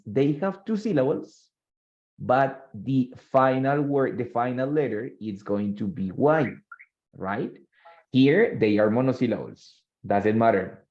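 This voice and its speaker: A man's voice: fairly low pitch, darkish tone, muffled recording. A male English teacher, giving a bilingual classroom lesson and quizzing his students. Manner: switches between English and Spanish, quizzes students.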